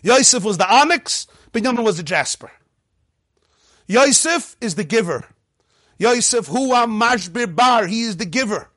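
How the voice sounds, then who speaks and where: A man teaching a lively Torah class, reading Hebrew passages and acting out dialogues in changing voices. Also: very high-pitched, unhurried, no room sound, clean studio sound. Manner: mixes Hebrew text readings with English explanation.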